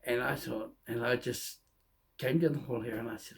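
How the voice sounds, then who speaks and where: A middle-aged man telling his own life story in a candid, halting way, often restarting his sentences. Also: mid-range voice, fairly even intonation, creaky. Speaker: vlogger. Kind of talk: personal storytelling monologue.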